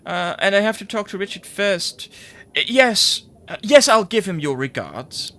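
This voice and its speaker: A man doing a hurried, fussy editor. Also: high-pitched, big pitch swings, pushed and bright, pitched above the performer's own voice, exaggerated voice. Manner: hurried, placating. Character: fussy middle-aged male newspaper editor.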